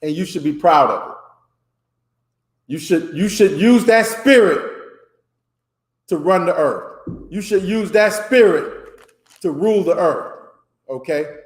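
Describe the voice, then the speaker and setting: A man's voice: sits high, expressive, slow pace, pauses often. A man from Florida leading an informal religious teaching class in loose, rambling, emphatic street talk. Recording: echoey room.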